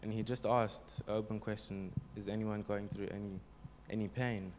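Young man, low and flat, telling a testimony, faint room noise behind. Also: moderate pace. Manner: plain, storytelling, frequent ums. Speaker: congregation member giving a testimony. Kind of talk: spoken testimony.

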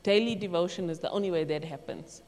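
A woman leading a youth group, talking through faith in a casual, animated way and acting out quotes as she goes. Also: on the low side, quick pace. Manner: chatty, animated, acts out quotes and laughs. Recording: long echo in a large hall.

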